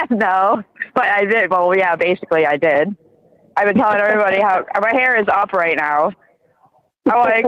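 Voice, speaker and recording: A woman's voice: mid-range voice, lively intonation, a little slow, long pauses, no room sound. A woman giggling through a casual phone chat, poking fun at herself. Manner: giggly, self-deprecating. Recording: lo-fi phone recording.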